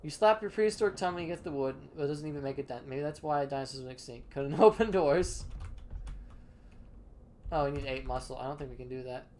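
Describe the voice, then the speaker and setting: A woman's voice: sits low, a little fast, a little mellow, slight background noise. A woman playfully reading out a text adventure game and typing commands, laughing often. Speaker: game streamer. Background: keyboard typing.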